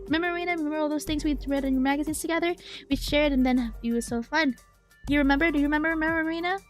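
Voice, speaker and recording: A woman's voice: sits high, racing, soft background music, natural voice. A woman voicing a lonely, desperate young man who pleads and begs over and over while reading game dialogue aloud. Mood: pleading. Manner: pleading, repetitive, breathless begging.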